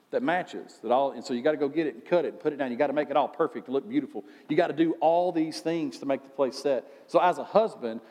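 A man's voice: mid-range voice, darkish tone, big-room sound. A male pastor giving a sermon in a conversational way, asking rhetorical questions.

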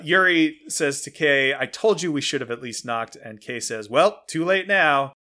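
Bright-voiced man chatting loosely. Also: medium pitch, expressive, moderate pace. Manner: loose, filler-heavy talk with many "like"s. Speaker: podcast co-host. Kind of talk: casual recap chat.

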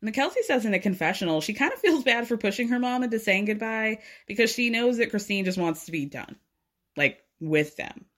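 A woman's voice: on the high side, expressive, brisk, a bit bright. A woman recapping a reality show in casual chat, sarcastic and swearing freely. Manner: sarcastic, swears freely, laughs between lines. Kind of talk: casual recap, snarky commentary.

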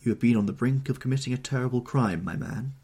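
A man voicing a cool, stern young gentleman who speaks in a commanding way. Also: mid-range voice, quick pace, creaky, breathy edge, pitched above the performer's own voice.

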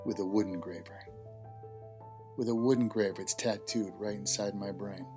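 A man's voice: lowish voice, steady tone, normal speed, over music. A man hosting a health talk, telling a personal story in a conversational way and repeating key phrases for emphasis. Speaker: host.

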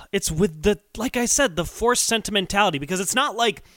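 A man's voice: high-pitched, animated, brisk, a bit bright, no echo. A man co-hosting a podcast, talking through a song in a wry, analytical casual chat. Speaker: podcast co-host.

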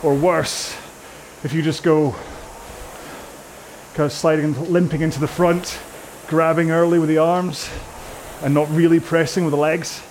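Rambling, self-mocking British rowing coach. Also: male voice, fairly high pitch, level tone, a little slow, a little mellow, a little hiss or hum. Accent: British English. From Britain. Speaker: rowing instructor. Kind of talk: casual talk over a row-along workout.

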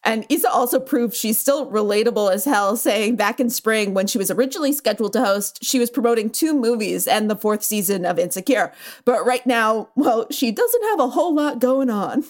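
A woman's voice: fairly high pitch, a little fast. A woman hosting an entertainment news show, recapping stories in a casual, chatty way and laughing often. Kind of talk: casual chat.

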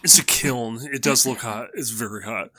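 A man's voice: medium pitch, moderate pace, pushed and bright, dry recording. A man narrating a tabletop game as game master, casual and laid-back with swearing.

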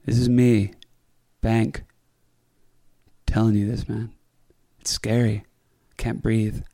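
A man's voice: on the low side, flat delivery, slow pace, vocal fry, mellow. A man co-hosting a podcast, chatting casually and earnestly, sometimes dramatic. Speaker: podcast co-host. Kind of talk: casual chat.

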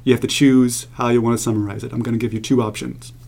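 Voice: mid-range voice, flat delivery, fast, creaky, darkish tone. A podcast co-host in easygoing casual chat who laughs often and explains the segment rules.

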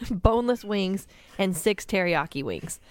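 A woman's voice: mid-range voice, animated, takes it slowly, no echo, clean studio sound. A woman, a podcast guest, telling a long funny story in casual chat and often breaking into laughter.

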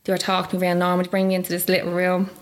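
Fast-talking young Irish woman. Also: lowish voice, monotone. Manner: chatty, lots of "like", acts out quoted voices. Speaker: interview guest. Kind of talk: personal story told in conversation.

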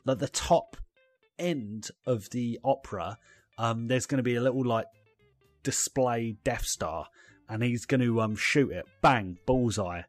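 A young man rambles through silly made-up scenarios, full of "um"s and "like"s. His voice sits at an ordinary middle pitch and is recorded close and dry. Faint music plays underneath. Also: measured pace, no echo. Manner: playful, rambling riffing with fillers. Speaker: podcast co-host. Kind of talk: casual comedic chat.

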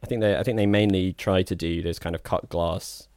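A man's voice: low voice, fairly even intonation, brisk, darkish tone, dry recording, clean studio sound. A man co-hosting a casual film chat, thoughtful and hesitant. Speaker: podcast co-host.

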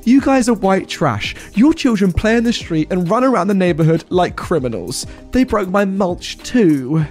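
A man voicing a hostile middle-aged woman neighbor who screams insults in a high, shrill voice. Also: lively intonation, normal speed, a little mellow, faint music behind, natural voice. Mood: shrieking insults. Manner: screaming, insulting, self-righteous.

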